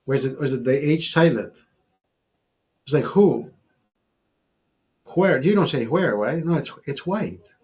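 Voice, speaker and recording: A man's voice: mid-range voice, lively intonation, measured pace, long pauses, darkish tone, slightly rough. A man hosting a live stream, chatting casually over a beer, rambling and swearing, laughing at his own jokes. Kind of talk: casual chat over beers.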